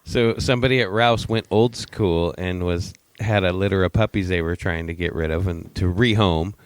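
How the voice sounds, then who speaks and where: A man's voice: sits low, moderate pace, clear, resonant tone, no echo. A middle-aged man co-hosting a podcast, telling rambling stories in a teasing, casual way. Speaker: podcast co-host. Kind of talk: casual chat.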